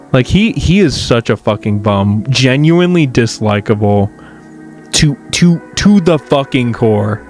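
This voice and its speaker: A man giving casual reaction commentary on a horror series, ranting in exasperation and swearing, with frequent restarts. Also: mid-range voice.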